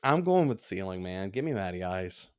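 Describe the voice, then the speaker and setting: A man with a Southern US accent, an analyst on a live show, giving quick, decisive picks with folksy phrasing. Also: sits low, very animated, a little mellow, clear, resonant tone. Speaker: fantasy football analyst. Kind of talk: live Q&A chat.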